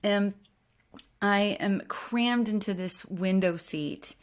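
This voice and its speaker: A woman, a guest on a podcast, telling funny stories in an animated way and often breaking into laughter. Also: mid-range voice, slow pace. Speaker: podcast guest, church musician. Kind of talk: casual chat, storytelling.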